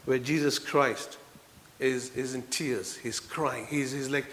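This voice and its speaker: A man preaching a sermon in a church, earnest, moving between soft low passages and loud emphatic ones. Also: very animated, a little slow, slight background noise. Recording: long reverb in a hall.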